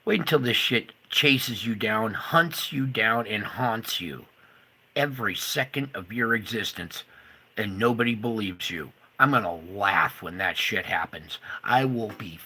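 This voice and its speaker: A man rants furiously to his viewers, swearing as he lurches from high outbursts to low mutters. His voice is bright and edgy but gravelly and husky underneath. The delivery is raw and unscripted. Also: animated, a little slow. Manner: furious, profane ranting that swings between shouting and muttering. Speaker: video creator. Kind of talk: angry monologue to camera.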